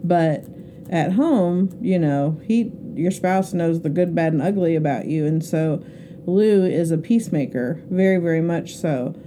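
A middle-aged woman talks in a relaxed podcast chat, with a lowish, mellow voice. She jokes about herself and laughs as she goes. Faint room noise sits under her voice. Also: unhurried. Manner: chatty, laughing, self-mocking. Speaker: podcast co-host.

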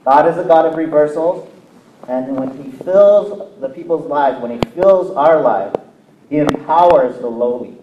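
A man preaching a sermon to his congregation, moving from quiet reflection to excited near-shouting and often checking that they follow him. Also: fairly high pitch, unhurried, dull audio. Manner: asks the congregation for agreement often. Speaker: pastor. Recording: roomy echo, mic at a distance, faint noise.

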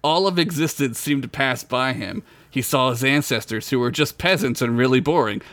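Guy reading a raunchy comedy story, keeps cracking up, bright voice. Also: medium pitch, moderate pace, no echo. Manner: crude, laughing often. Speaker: podcast host. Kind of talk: reading a comic story aloud.

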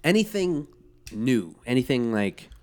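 A man's voice: mid-range voice, sing-song, unhurried, a crowd in the background. A man co-hosting a podcast in casual chat, laid-back, swearing freely and laughing often. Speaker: podcast co-host.

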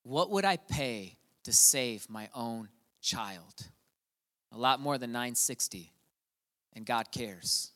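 Middle-aged pastor guy telling a story in a sermon, goes quiet then loud, echoey church hall. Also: mid-range voice, animated, slow. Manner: storytelling, swings from quiet to shouting. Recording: long hall reverb.

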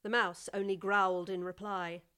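A woman narrating a storybook in an even, measured reading voice. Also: mid-range voice, clean tone.

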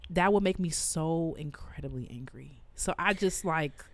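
A woman who co-hosts a podcast and teaches orchestra, telling stories in casual chat with an animated, exasperated delivery. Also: moderate pace, a little hiss or hum. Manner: animated, exasperated storytelling with sudden jumps in pitch.

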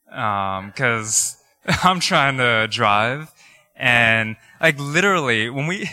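Bright-voiced man preaching casually. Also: medium pitch, dry recording, studio quality. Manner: conversational, animated storytelling with laughs and filler words. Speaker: pastor. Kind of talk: sermon with personal stories.

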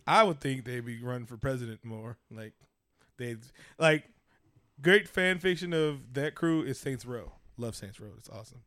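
Loud teasing man, dry close mic. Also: mid-range voice, moderate pace, no echo. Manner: loud, teasing, laughing, profane. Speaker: podcast co-host. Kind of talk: casual banter.

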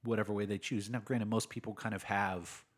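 A man co-hosting a casual book podcast, musing out loud and thinking through ideas with restarts. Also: on the low side, fairly even intonation, a little fast. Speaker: podcast co-host.

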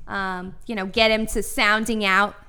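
A woman playing a slow, crisp firefighter's wife. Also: medium pitch, little pitch movement, sharp tone. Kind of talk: improv comedy scene.

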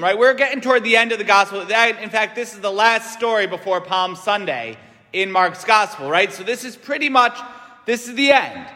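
A man's voice: sits high, bright, forceful tone. A man giving a conversational homily in a church, often checking in with the congregation with "right?". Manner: conversational, frequent "right?" tag questions. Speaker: preacher. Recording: long church reverb.

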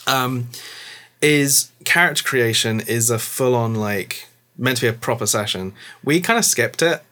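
A man's voice: mid-range voice, a little slow, bright, forceful tone. A man chatting casually on a podcast about playing and running tabletop games, rambling with many filler words. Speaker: tabletop game player and game master.

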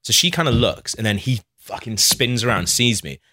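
A man's voice: mid-range voice, animated, normal speed, sharp tone, breathy edge, dry recording. A young man casually telling a long anecdote, acting out the quotes and laughing often. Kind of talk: casual chat, storytelling.

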